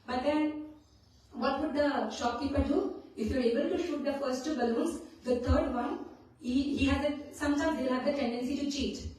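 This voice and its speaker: High-voiced woman teaching scripture in an echoey hall. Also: normal speed, a little mellow. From India. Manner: storytelling, often checks in with "right?". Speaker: scripture class speaker. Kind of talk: devotional scripture class. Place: temple hall. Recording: very echoey hall, mic at a distance.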